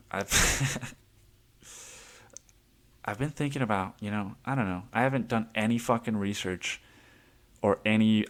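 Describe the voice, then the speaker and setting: A man hosting a solo podcast, rambling casually and swearing often with self-amused laughs. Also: on the low side. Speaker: podcast host.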